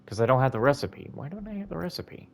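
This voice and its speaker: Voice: medium pitch, very animated, fast, gravelly, soft background music. A game streamer talking casually to themself while playing, with some swearing and mumbling. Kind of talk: gameplay commentary.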